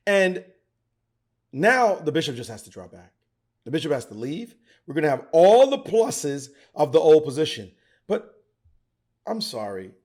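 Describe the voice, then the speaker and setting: A middle-aged man teaching chess, excitable and theatrical, talking straight to the viewer. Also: fairly high pitch, a little slow, pauses often. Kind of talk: animated chess commentary.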